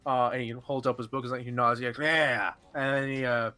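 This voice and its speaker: A man's voice: mid-range voice, little pitch movement, fast, pushed and bright, clear, resonant tone, faint music behind. A man narrating as game master, rambling with lots of filler.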